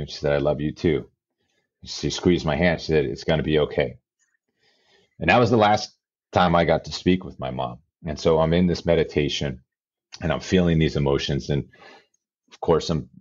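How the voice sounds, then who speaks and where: A man in his forties with a very low, deep voice tells a personal story in an earnest way. He slows down on the heavy moments. The recording sounds dry and a little dull. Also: dry recording. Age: 40s. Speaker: interview guest, life coach.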